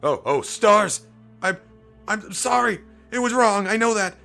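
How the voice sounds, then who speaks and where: A man doing a frantic high-pitched coward. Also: expressive, unhurried, gravelly, pushed and bright, faint music behind, full character voice. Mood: panicked. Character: panicked cowardly alien man, pleading.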